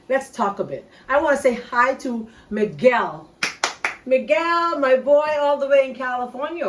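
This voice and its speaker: A woman's voice: mid-range voice, distant mic, rough recording. A middle-aged woman with a Bahamian accent, hosting a casual cooking video and chatting straight to her viewers. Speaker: cooking show host. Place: home kitchen. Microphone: phone camera.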